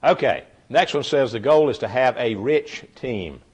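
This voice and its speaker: A man's voice: medium pitch, lively intonation, unhurried, darkish tone, slightly rough. Folksy man teaching a workshop. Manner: folksy, repeats key phrases for emphasis. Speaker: leadership trainer. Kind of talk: workshop lecture with stories.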